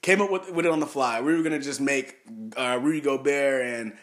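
A man co-hosting a casual sports talk show, animated and mocking, full of slang. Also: medium pitch, brisk. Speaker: podcast co-host.

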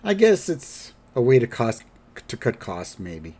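A man's voice: medium pitch, wildly swooping pitch, measured pace, mellow, slightly rough. A man hosting a podcast, chattily recapping a cartoon episode with a rambling, self-correcting delivery. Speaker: podcast host.

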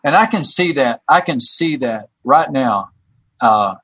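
Halting man telling a story, dry sound. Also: mid-range voice, animated, fairly bright tone, breathy edge, dry recording. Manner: halting, repeats words and restarts. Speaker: church staff member and guest. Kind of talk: telling a personal story on a podcast.

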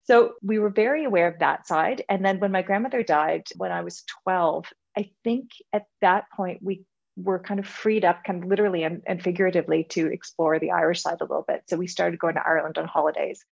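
A Canadian woman in her forties, a guest in a casual interview, telling animated stories about her family and laughing often. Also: on the low side, a little fast, vocal fry. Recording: lo-fi, dull sound.

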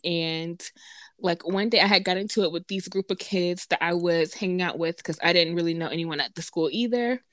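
A woman's voice: on the low side, fairly quick, a bit bright. A young woman co-hosting a casual podcast chat, playful and blunt, laughing often. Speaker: podcast co-host.

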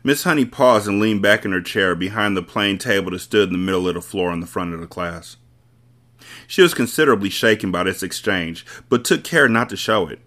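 A man's voice: fairly low pitch, fairly quick, a bit bright. A man hosting a podcast, reading a children's book aloud with casual asides to listeners. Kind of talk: storybook read-aloud.

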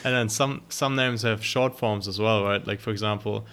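A man's voice: fairly low pitch, steady tone, moderate pace, fairly bright tone, smooth. Hesitant male host. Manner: hesitant, many fillers and restarts. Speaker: podcast host. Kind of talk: interview conversation.

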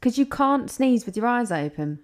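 A woman's voice: a little high, animated, moderate pace, darkish tone. A young woman co-hosting a podcast, chatty and playful as she explains trivia in casual chat. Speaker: podcast co-host.

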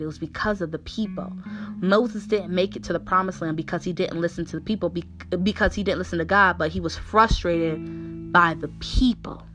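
A woman preaching a sermon with fervor, asking the listeners question after question. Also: on the low side.

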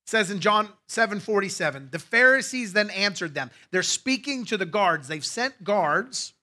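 A man's voice: high-pitched, expressive, moderate pace, pushed and bright. A male pastor preaching a sermon in a conversational way, with asides to his congregation.

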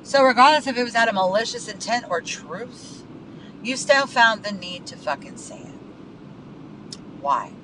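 A man's voice: very high-pitched, lively intonation, a little slow, pauses often, noisy background. A man hosting a podcast, venting in a heated, profane monologue from his car and repeating himself as he goes. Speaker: podcast host.

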